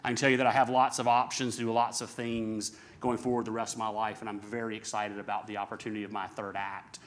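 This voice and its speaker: A middle-aged man speaking at a seminar, brisk and emphatic, firing off rhetorical questions to the audience. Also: lowish voice, level tone, a little hiss or hum. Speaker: conference speaker. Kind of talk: live seminar talk.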